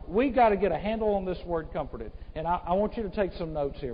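Male pastor preaching, high-pitched, muffled church recording. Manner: preaching with wide swings from loud emphasis to hushed tones; speaks to a congregation, addressing them as folks. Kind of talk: sermon. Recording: muffled church recording with long hall reverb.

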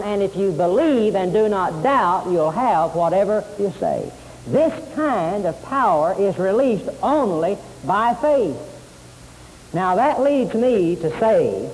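A man's voice: high-pitched, a little mellow. A man preaching a sermon, emphatic, repeating key phrases and quoting scripture. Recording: hissy tape in a long-reverb hall.

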